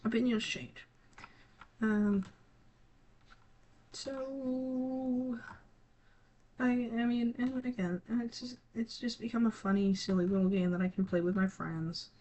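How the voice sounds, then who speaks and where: A teenage gaming creator talking casually to viewers, halting and scattered, with many restarts and trailing thoughts. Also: mid-range voice, little pitch movement, warm tone. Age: teens. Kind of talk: casual rambling talk to viewers.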